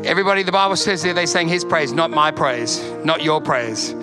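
Brief: male pastor, high voice, fervent repeated exhortations, sermon with clear music underneath. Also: expressive, a little fast. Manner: exhorting, emphatic repetition, laughs between lines. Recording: preaching over clear instrumental music.

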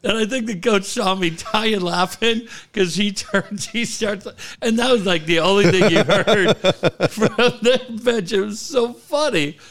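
A man's voice: sits high, a little slow, fairly bright tone. A man co-hosting a podcast, telling stories in a casual chat, swearing freely and laughing as he goes. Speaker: podcast co-host.

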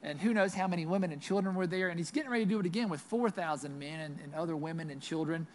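A man's voice: on the high side, rapid-fire, slight background noise. A man pastor with a Southern US accent preaching a sermon in a conversational way, often checking in with "right?". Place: church.

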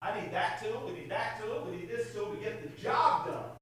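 High, lively-voiced man preaching. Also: normal speed, heavy reverb, distant mic. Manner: impassioned, repetitive preaching with rising emphasis; conversational storytelling with fillers. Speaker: pastor. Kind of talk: sermon.

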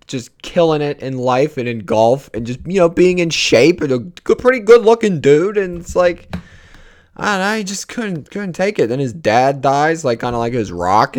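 A man's voice: a little high, a little mellow. A young man hosting a casual solo podcast, rambling and swearing freely, with many restarts. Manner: rambling, profane, restarts a lot. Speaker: podcast host.

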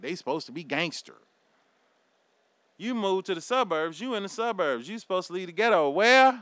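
A man's voice: a little high, fairly bright tone, clean tone, no room sound. A man in his thirties delivering a heated, profane, preachy rant straight to his audience. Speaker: vlogger.

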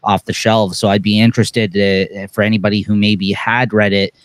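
A man's voice: fairly low pitch, level tone, moderate pace, smooth, no echo. A man co-hosting a comic book podcast, rambling with many fillers as he circles his point. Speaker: podcast co-host. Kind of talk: casual chat.

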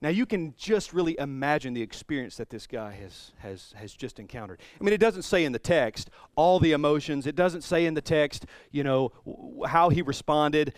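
Animated man preaching a sermon. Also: a little high, normal speed, few pauses, no room sound. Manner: animated storytelling, swings from soft to loud. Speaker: pastor.

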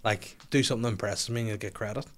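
A man, hosting a podcast and telling funny stories in a casual, swearing way. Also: rapid-fire. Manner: animated, swears a lot, puts on high squeaky voices for his daughter. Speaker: podcast host. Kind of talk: casual comedic storytelling.

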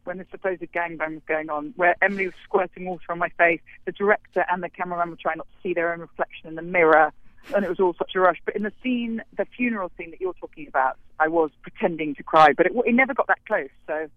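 Talking from a street over a tinny phone line, a woman actress discusses her show in a relaxed interview, rambling and poking fun at herself with frequent restarts. Her voice is lowish and quick, and the recording is dry.

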